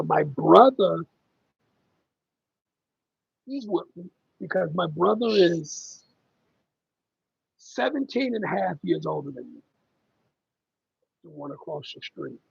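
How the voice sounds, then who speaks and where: A man's voice: on the high side, animated, slow, vocal fry, pauses often, husky, dry recording, highs cut off. A middle-aged man hosting a casual livestream about caregiving, rambling and conversational with lots of ums as he reads viewer comments.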